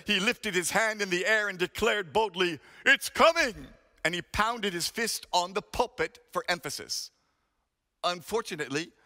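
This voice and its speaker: Emphatic high-voiced male preacher. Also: sharp tone, in a large hall. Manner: dramatic, emphatic preaching with storytelling. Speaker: pastor. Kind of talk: sermon.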